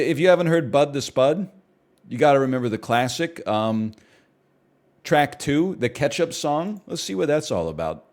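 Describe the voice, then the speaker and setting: Sarcastic, animated male streamer. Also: mid-range voice. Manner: animated, sarcastic and irreverent, swears freely; rapid riffing with frequent restarts and asides. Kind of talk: casual livestream commentary.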